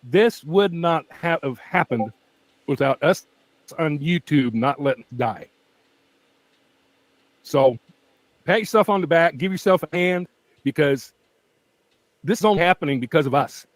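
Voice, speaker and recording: A man's voice: a little high, expressive, unhurried, long pauses, no echo, poor audio. Rambling close-mic man, dry sound. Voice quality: weak voice that tires easily. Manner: rambling, emphatic, laughs often. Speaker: true-crime channel host. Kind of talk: casual rambling livestream chat. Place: at home with pets. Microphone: very close to the microphone.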